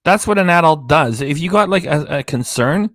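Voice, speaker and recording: A man's voice: on the high side, expressive, normal speed, fairly bright tone, no room sound, studio quality. A tired man hosting a reaction channel, ranting with indignant sarcasm about a live stream. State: tired, low energy. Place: home studio with green screen.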